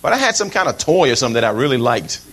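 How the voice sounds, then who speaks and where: A middle-aged man preaching a sermon in an animated, humorous way, with many asides to the congregation and frequent repeated words. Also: medium pitch, racing, slightly rough. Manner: repeats words and restarts phrases while preaching.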